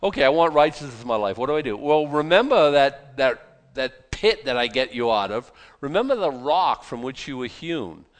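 A man preaching a Bible sermon in a conversational, animated way, often restarting and breaking into asides. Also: mid-range voice, moderate pace. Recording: long hall reverb.

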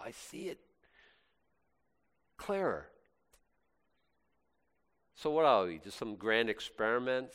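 A man preaching a sermon, swinging from loud exclamations to soft, intimate asides. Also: medium pitch, smooth.

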